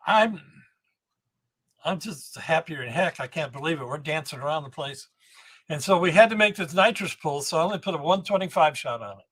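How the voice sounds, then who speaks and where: On a storytelling podcast, a high-voiced guest in his seventies wanders through lively tales of engine building. He frequently restarts sentences as he goes.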